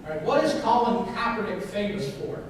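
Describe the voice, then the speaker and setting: A man's voice: sits high, expressive, brisk, a little hiss or hum. A man, a pastor, preaching a sermon with emphatic repetition and questions to the congregation. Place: church sanctuary. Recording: echoey church hall, mic from a distance.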